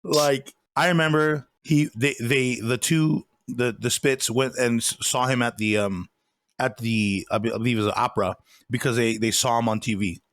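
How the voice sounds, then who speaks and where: A man's voice: mid-range voice, steady tone, normal speed, a bit bright, no room sound, studio quality. Laughing, rambling man retelling movie scenes. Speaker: podcast co-host. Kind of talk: casual movie review chat.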